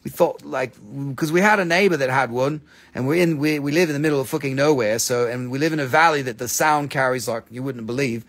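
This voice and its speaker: Fairly quick and a bit bright, a man's mid-range voice runs a live stream where he sells stones. He chats casually and jokingly, swears freely, and tosses in silly voices.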